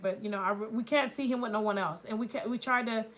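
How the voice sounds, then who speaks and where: A woman with a fairly high voice rambles through a casual story, leaning on filler phrases. She is recorded on a phone livestream in a nail salon, with the grind of nail sanding clearly heard behind her. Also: fast, fairly bright tone, slight background noise.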